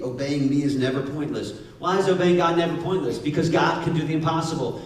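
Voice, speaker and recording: A male pastor preaching a sermon in a playful, lively way, often acting out voices. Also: fairly high pitch, quick pace. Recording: echoey hall, distant mic.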